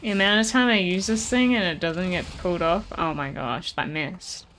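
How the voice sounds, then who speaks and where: A woman streamer giving casual gameplay commentary, chatting and reacting out loud, laughing easily. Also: on the low side, normal speed, a little hiss or hum, rough recording.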